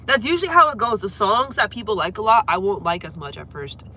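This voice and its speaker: Medium-pitched, very animated, and fast, her sharp-toned voice comes with a slight hiss or hum. This young livestreamer and singer is at home with a cold, congested and coughing, chatting away casually and apologizing for the coughs.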